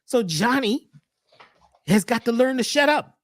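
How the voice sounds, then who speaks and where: A man as a podcast guest talking casually in an animated, preachy way, often repeating words as he starts a thought. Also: very high voice, measured pace, dry recording, studio quality.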